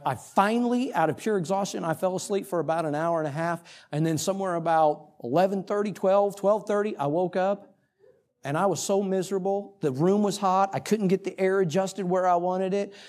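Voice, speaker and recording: A middle-aged man preaching, telling a story about himself in an animated, self-mocking way with quoted asides. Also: high voice. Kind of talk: storytelling sermon.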